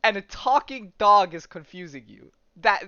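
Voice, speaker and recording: Man voicing a male space dog, put-on Russian accent, broken formal English, raised pitch, dull recording. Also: animated, normal speed, pushed and bright, clear, resonant tone, no echo. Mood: teasing. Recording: dull, dry sound.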